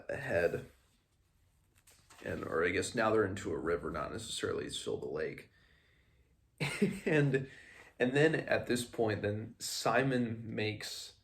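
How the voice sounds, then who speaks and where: A man's voice: on the low side, gravelly. A man hosting a casual book discussion podcast, rambling through a chapter with fillers and self-corrections. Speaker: podcast host.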